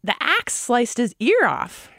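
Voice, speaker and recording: A woman co-hosting a podcast, recapping a TV episode in casual, animated chat. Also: a little high, takes it slowly, dry recording, studio quality. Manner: animated, amused storytelling. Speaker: podcast co-host.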